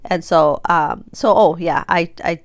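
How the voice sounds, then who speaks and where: A woman's voice: on the low side, unhurried, vocal fry, no echo. A woman in her forties chatting casually and rambling as she crafts, with a stuffy, blocked nose. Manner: chatty, rambling, many fillers and restarts. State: stuffy nose after sneezing. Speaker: craft vlogger. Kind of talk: casual tutorial chat while crafting.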